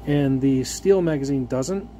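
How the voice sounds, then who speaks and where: A man's voice: medium pitch, a little slow, mellow, a little hiss or hum. A man giving a casual, profanity-laced vlog rant with rambling restarts and fillers, like someone telling a story about a frustrating purchase. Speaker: gun vlogger.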